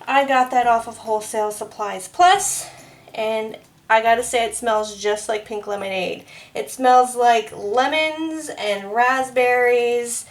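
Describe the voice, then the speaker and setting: A woman's voice: on the high side, a little slow, slight background noise. A woman soap maker chatting casually as she works, laughing now and then through her stories. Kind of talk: casual crafting vlog narration.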